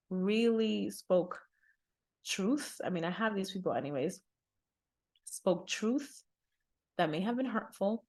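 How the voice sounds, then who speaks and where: Candid woman podcast host sharing reflections. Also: fairly low pitch. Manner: candid, chatty, with faith talk and laughs. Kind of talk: personal reflective monologue.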